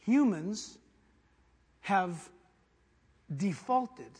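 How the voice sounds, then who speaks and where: A man preaching a sermon, acting out quoted voices and swinging from hushed, intimate lines to loud shouts. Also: sits high, lively intonation, extremely slow, breathy edge. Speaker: pastor. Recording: long hall reverb.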